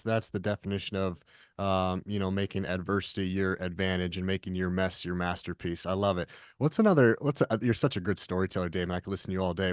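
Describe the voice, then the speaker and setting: A man's voice: low-pitched, dry recording, clean studio sound. A man hosting a podcast, an enthusiastic and admiring interviewer. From United States. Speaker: podcast host.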